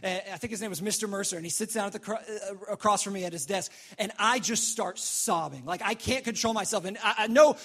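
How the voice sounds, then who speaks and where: A young man delivers a sermon in a fairly high voice. He tells the story in an animated way and acts out how each person reacts as he goes. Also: a little fast, few pauses, breathy edge. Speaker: pastor.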